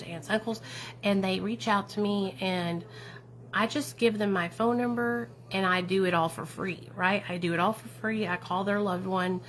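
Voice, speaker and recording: A woman's voice: fairly low pitch, a bit bright. A woman talking casually on a livestream as a recovery advocate, answering viewer comments in an affirming, encouraging way and often tagging her points with questions. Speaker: addiction recovery advocate and streamer.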